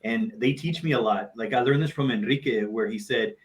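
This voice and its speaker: A man's voice: medium pitch, brisk, poor audio. A man, a motivational speaker and coach, telling personal stories on a live talk show in a heartfelt, earnest way and repeating phrases for emphasis.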